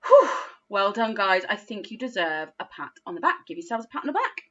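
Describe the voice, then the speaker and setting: A bright, clear-toned woman leads young children through a phonics lesson, drawing out each sound and praising every answer. Her voice swoops up and down in a lively sing-song, and the recording is a little dull and lo-fi. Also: mid-range voice. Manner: slow, encouraging, sing-song teacher talk with exaggerated praise. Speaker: early years teacher.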